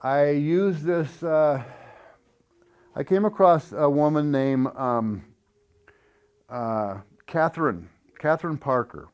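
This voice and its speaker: A man giving a casual how-to explanation in an earnest, hesitant way, with many fillers and restarts and softly chanted syllables. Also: a little high, expressive, slow, long pauses, clean tone. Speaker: instructor demonstrating a build.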